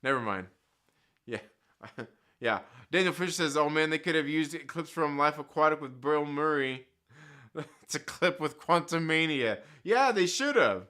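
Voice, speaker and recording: A man hosts a loose live chat stream with a bright, forceful voice pitched a little high. He talks in slangy, profane asides, cracks jokes and laughs often as he reads out viewer comments. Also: lively intonation, a little slow. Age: adult with children.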